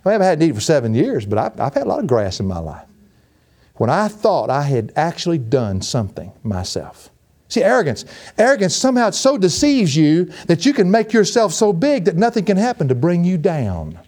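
A man preaching a sermon in a folksy, animated way, laughing often and jumping into high, excited bursts. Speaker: pastor. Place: church.

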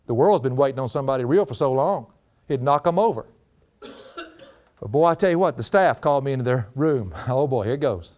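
A man's voice: mid-range voice, animated, brisk, darkish tone. A middle-aged man with a drawl preaching a folksy storytelling sermon, often breaking into laughter.

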